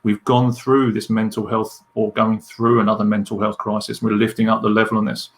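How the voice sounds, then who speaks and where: A man, talking as a leadership coach in a podcast interview. He is candid and animated as he tells stories. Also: on the low side, a little fast.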